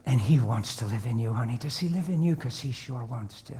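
A man preaching a sermon, telling stories and acting out conversations, swinging between hushed and loud. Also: mid-range voice, animated, a little fast. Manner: acts out dialogue in different voices. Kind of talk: sermon with storytelling.

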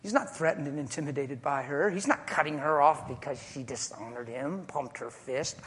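A man preaching a sermon with passion, building to shouted appeals. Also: on the high side, normal speed, a little hiss or hum. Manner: impassioned, rising to shouts. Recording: echoey hall.

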